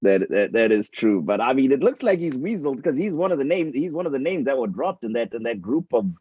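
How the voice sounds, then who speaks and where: A man's voice: medium pitch, very animated, a little fast, darkish tone, breathy edge, highs cut off. A man co-hosting a football show, chatting casually and repeating words as he thinks. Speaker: co-host.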